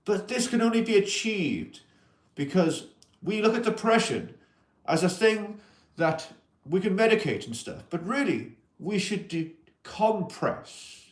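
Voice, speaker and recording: A man with a high, very animated voice speaks a little slowly as he hosts a casual mental-health livestream. He rambles while reading and answering viewers' comments, addressing them as humans from an alien persona. His accent is hard to place, and viewers ask about it.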